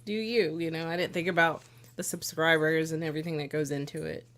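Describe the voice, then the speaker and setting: A woman in her thirties speaks in a somewhat low voice on her husband's casual podcast. She tells stories in an easygoing way, teasing him and laughing readily. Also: brisk. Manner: relaxed, teasing, laughs easily. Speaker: podcast guest, host's wife. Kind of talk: casual conversational storytelling.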